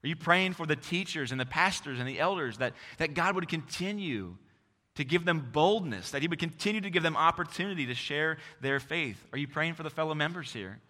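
A man's voice: fairly high pitch, animated, a little fast, pushed and bright, in a large hall. A man preaching a sermon as pastor, earnest and exhorting, often restarting his phrases.

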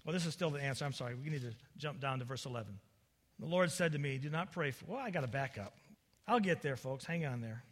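A male pastor preaching an impassioned sermon, building to loud peaks and dropping into folksy asides to the congregation. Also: medium pitch, animated, fast talker. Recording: long hall reverb.

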